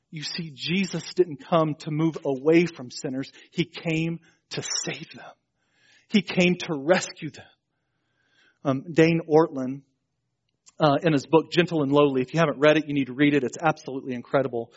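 Male pastor, high voice, lively storytelling sermon, lo-fi audio. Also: moderate pace, slightly rough. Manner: animated storytelling, acting out Bible characters' lines.

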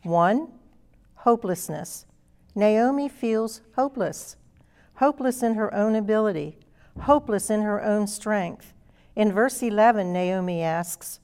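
A woman's voice: mid-range voice, unhurried, darkish tone, clean tone. A woman preaching a sermon, earnest and emphatic, reading scripture aloud and explaining it to a congregation.

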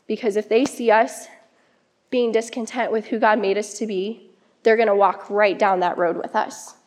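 A woman's voice: medium pitch, steady tone, moderate pace. A young woman giving an earnest, conversational devotional talk to camp counselors. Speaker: camp speaker.

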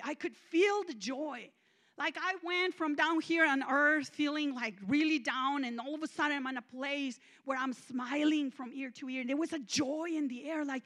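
High-voiced woman preacher telling a testimony. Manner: emotional storytelling, swinging from hushed to loud. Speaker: guest minister. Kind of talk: sermon testimony.

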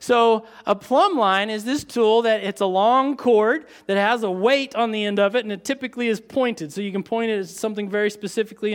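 Male preacher, high-pitched, animated conversational sermon delivery. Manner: animated, conversational with asides and laughs.

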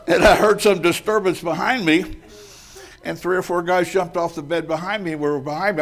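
A man's voice: high-pitched, brisk, a bit bright, a little hiss or hum. Folksy, emphatic older man preaching. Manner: folksy, emphatic, laughs often while telling stories. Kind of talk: sermon with personal storytelling.

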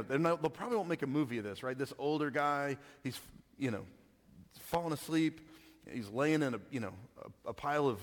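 In a large hall, a pastor with a fairly high-pitched voice preaches in a conversational style. He chuckles often as he explains things and keeps pausing to ask "right?"

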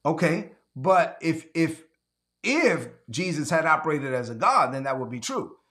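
A man's voice: fairly high pitch, very animated, measured pace, fairly bright tone. A man preaching and teaching an online sermon, often repeating phrases and urging listeners to say lines aloud or type them in the chat. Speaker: pastor.

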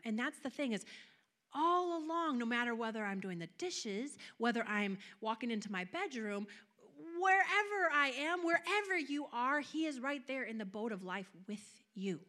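A woman preaching with bright, ringing energy. Her voice sits a little high. She builds to raised, emphatic peaks, then drops back to a soft, close tone. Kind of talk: sermon.

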